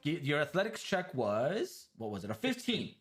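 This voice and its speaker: A man running a tabletop game as game master, animated and laughing, with faint music behind. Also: fairly high pitch. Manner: animated, laughing, quick restarts.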